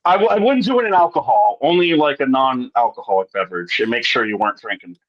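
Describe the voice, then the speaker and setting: A man's voice: mid-range voice, animated, fast talker, dull audio. A man hosting a casual group chat on a video call, joking crudely and laughing often. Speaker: livestream host.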